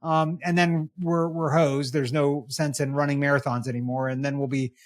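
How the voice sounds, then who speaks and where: A podcast host in a mid-range voice chats about tech news in a loose, joking way. They go off on exasperated, animated riffs about the stories they cover. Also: medium pitch, moderate pace. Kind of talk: casual tech news chat.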